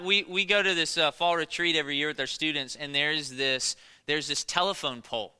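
A man preaching a sermon as pastor, joking with the congregation and acting out fear in animated bursts. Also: fairly high pitch, a little fast, hardly any pauses, smooth, big-room sound. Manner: animated, joking, rising to near-shouts when acting out fear. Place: church.

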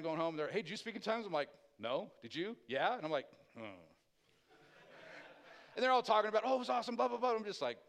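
Male pastor, middle-aged, slightly high-pitched, loose conversational sermon delivery with acted-out dialogue. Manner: casual, animated storyteller acting out quoted voices. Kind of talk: sermon testimony storytelling.

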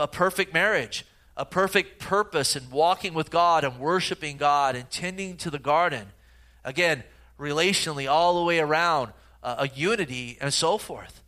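A middle-aged man preaching a sermon with a bright, forward tone and a voice pitched a little high. He talks in a loose, conversational way, telling stories with plenty of fillers and restarts. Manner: conversational, anecdotal storytelling with frequent fillers. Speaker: pastor.

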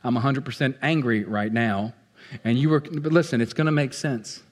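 A man preaching a sermon as pastor, animated and playful, swinging between loud outbursts and hushed asides. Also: mid-range voice, moderate pace. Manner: playful, acts out what people feel.

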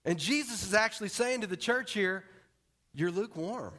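A pastor delivering a sermon in a casual, joking way, often dropping his voice low and soft to press a point home. His voice sits slightly higher than most men's. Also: a little fast. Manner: conversational and joking, drops to quiet emphasis.

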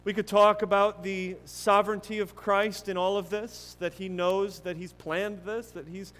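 A man preaching a sermon earnestly and emphatically, with many restarts, swinging between loud stresses and hushed passages. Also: high voice, level tone, moderate pace, in a large hall. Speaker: pastor.

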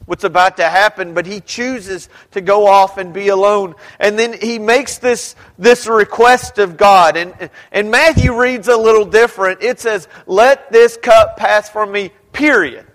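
A man preaches a sermon in a conversational way, throwing questions out to the congregation. His voice sits high and he takes his time, and at points he climbs up into a shout. The sound carries a long reverb from the church hall around him. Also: steady tone, a little slow, few pauses. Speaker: pastor.

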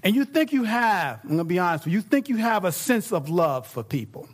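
A middle-aged pastor delivers a sermon in a conversational style, his high voice moving briskly. He alternates between soft, hushed points and sudden excited bursts.

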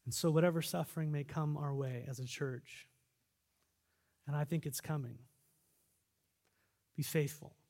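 A pastor preaching a sermon, swinging between loud fervent exhortation and quiet reflective asides. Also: male voice, on the high side, fairly even intonation, a little slow, pauses often. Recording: long reverb of a large hall.

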